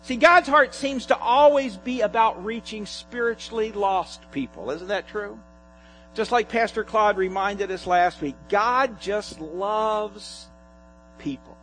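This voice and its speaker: A man preaching a sermon, reading a humorous sketch aloud in an animated storytelling manner. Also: sits high, takes it slowly, soft background music, low-quality recording. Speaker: pastor.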